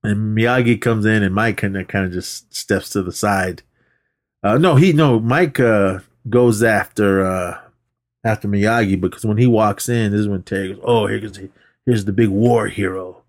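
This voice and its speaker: A man's voice: on the low side, moderate pace. A man co-hosting a podcast, casually retelling a film scene by scene, swearing freely and acting out the quotes. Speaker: podcast co-host. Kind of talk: casual movie recap chat.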